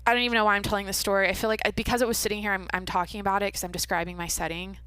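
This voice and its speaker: A woman's voice: mid-range voice, level tone, very fast, a bit bright, a little hiss or hum. A young woman hosting her own podcast, rambling casually and candidly with lots of filler words, small restarts and giggles. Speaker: podcast host. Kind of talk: casual solo podcast chat. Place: home room with closed windows.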